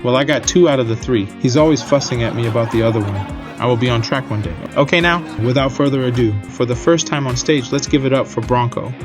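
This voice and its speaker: Male comedy show host building up the next act with upbeat announcer energy. His voice sits at a middle pitch, and clear music plays under him throughout. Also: quick pace. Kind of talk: stage introduction.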